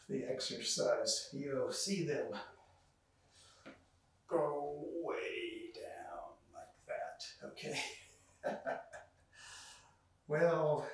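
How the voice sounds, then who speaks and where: A man leading a qigong class speaks slowly as he guides students through each movement, counting breaths with long exhaled sounds. He sounds a little out of breath. His voice comes from far off in a very echoey practice room. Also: medium pitch. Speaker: qigong instructor.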